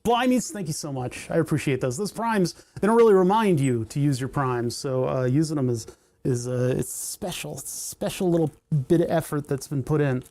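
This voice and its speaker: A man's voice: on the high side, expressive, brisk, warm tone. A middle-aged man hosting a casual livestream while soldering, rambling with lots of fillers and restarts and laughing at himself, from a home workshop. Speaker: livestream host.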